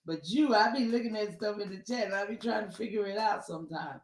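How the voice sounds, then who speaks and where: A woman's voice: medium pitch, quick pace, reverberant. A woman, speaking to listeners on a video call in a casual, heartfelt, preachy way and repeating herself for emphasis. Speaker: speaker at an online symposium.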